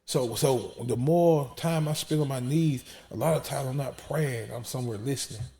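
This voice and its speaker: A man's voice: mid-range voice, normal speed, creaky, mellow. A man, testifying in an emphatic preaching style that repeats words and drops almost to a whisper when emotional. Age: 40s.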